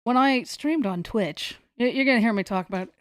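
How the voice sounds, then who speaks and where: A woman from the United States sits on the floor at home, chatting casually on a livestream in a fairly high, brisk voice with no room sound. She rambles, plays around, and jokes at her own expense.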